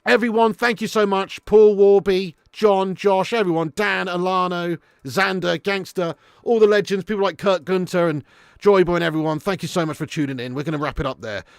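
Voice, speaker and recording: A man hosting a live stream, signing off with rapid viewer shout-outs, sweary and exasperated. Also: sits high, clean tone, no room sound, studio quality. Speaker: host. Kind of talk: live stream sign-off chat.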